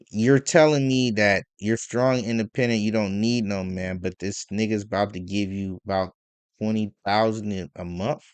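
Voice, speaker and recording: A man's voice: lowish voice, clear, resonant tone, dry recording. A man giving casual ranting commentary, profane and rambling, piling up rhetorical questions between stammered fillers. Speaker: commentary vlogger.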